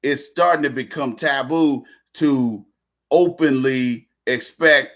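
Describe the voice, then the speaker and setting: A man talking at an unhurried, deliberate pace in a mid-range voice, delivering a casual rant. He repeats phrases, stumbles into restarts and keeps the slang blunt. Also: medium pitch, fairly bright tone.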